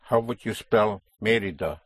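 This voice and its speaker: A man's voice: fairly low pitch, normal speed, no echo. A man teaching a language lesson, explaining a stress rule patiently and stressing key words.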